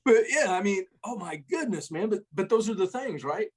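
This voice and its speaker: A middle-aged man, a retired army first sergeant, telling salty stories in a casual, animated way and tossing "man" into almost every sentence. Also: high-pitched, moderate pace, breathy edge. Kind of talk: casual storytelling.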